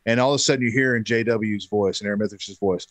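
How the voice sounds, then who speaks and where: A man in his thirties tells a story in relaxed, casual talk. He jumps up in pitch to act out what others said, and his voice sounds dry and close to the mic. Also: fast talker, dry recording. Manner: animated, acts out quotes. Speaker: podcast guest.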